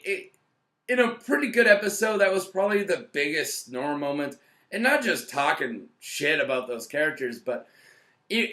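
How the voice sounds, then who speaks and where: A man's voice: a little high, pushed and bright. A man reviewing a TV episode in a casual rant, blunt and profane, rambling with frequent restarts.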